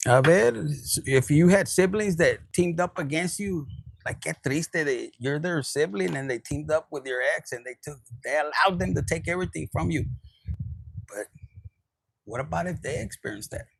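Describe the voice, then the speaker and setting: Tarot reader, male, somewhat high, husky, dry close sound, casual and profane. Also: moderate pace, dry recording, rough recording. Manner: casual, profane, mixes in Spanish words. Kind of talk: spiritual reading monologue.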